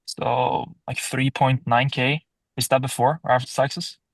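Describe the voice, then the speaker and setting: Guy doing a sales call, calm questions, repeats stuff back, dry sound. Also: medium pitch, measured pace, gravelly, no echo, poor audio. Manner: calm, questioning, restates answers. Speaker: salesperson in roleplay.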